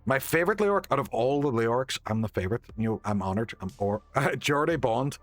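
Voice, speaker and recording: A man's voice: mid-range voice, expressive, fairly quick, dry recording. A young Northern Irish man chatting casually while livestreaming a game, thanking viewers and swearing now and then. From Northern Ireland. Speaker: streamer. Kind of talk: casual game streaming chat. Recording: faint background music.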